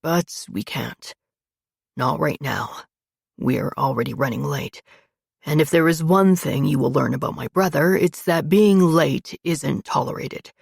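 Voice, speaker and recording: A commanding crime boss, put on by a woman narrator, speaking in low, clipped orders. The voice is husky and close-miked in a dry space, with a storybook reading feel. He sounds like a man who expects to be obeyed. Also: unhurried, no echo, exaggerated voice. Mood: firm. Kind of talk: audiobook character voice.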